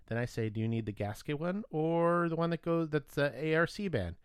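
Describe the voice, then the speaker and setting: A man telling a story in casual chat, animated and profane, acting out both sides of a conversation. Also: on the high side, a little fast, clear, resonant tone, dry recording, studio quality.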